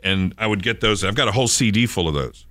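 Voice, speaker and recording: Male radio-style podcast host, lower register, dry studio sound, animated anecdotal delivery. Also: fast talker, no echo. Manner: lively anecdotal storyteller. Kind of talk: casual chat, storytelling.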